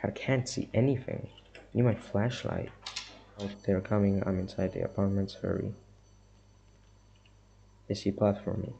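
Slow, gravelly young man muttering through horror game. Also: fairly low pitch, expressive, warm tone, highs cut off, slight background noise. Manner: muttering, reacting nervously to scares. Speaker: gamer. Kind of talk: horror game let's play commentary.

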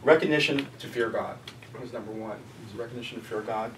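A man's voice: medium pitch, quick pace. Male group-study leader, casual and conversational, recorded from a distance in a roomy hall. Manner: conversational, asks the group questions. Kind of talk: casual teaching. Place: church meeting room. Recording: echoey room, distant mic, faint noise.

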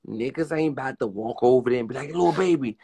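A young man hosting a stream rants in a casual, cursing, emphatic manner. His mid-range voice is mellow with a breathy edge, and he imitates other people's lines in quick put-on voices.

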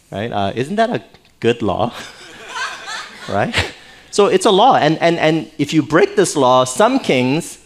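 Pastor man preaching, conversational and animated. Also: a little high. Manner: conversational, animated, jokes with the congregation, frequent "right?". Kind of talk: sermon. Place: church sanctuary.

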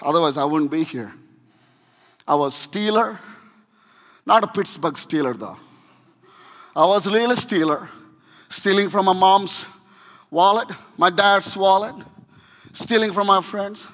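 A man with an Indian accent preaching a sermon, swinging between shouting and hushed delivery, with humorous asides. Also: high-pitched, measured pace, pauses often. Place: church sanctuary. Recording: long reverb of a church hall.

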